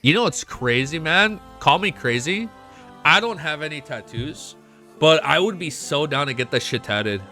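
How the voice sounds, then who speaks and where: An excitable young man chatting on a casual reaction stream, his bright voice leaping up and down in pitch as he swears and laughs his way through. Faint music plays under his talk. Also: normal speed. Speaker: streamer reacting to a web novel. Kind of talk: casual live reaction chat.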